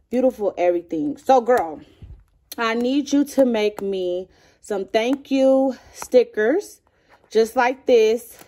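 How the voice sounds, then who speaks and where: This beauty and lifestyle vlogger has a mid-range voice with a dark tone. She chats casually while showing off items in a show-and-tell video, gushing and calling her viewers "girl."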